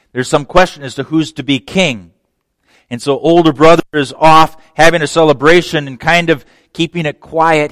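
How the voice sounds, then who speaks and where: A man preaching a sermon, telling a story with folksy asides, dropping to a near whisper and then rising to excited shouts. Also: medium pitch, no echo. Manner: lively storytelling, swings from hushed to shouting; laughs between phrases, folksy asides. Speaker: pastor.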